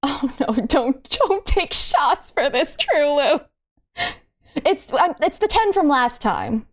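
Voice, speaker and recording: A woman's voice: high-pitched, very animated. A woman hosting a casual game stream, giggly and playful. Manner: giggly, playful, quick to laugh. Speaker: streamer and host.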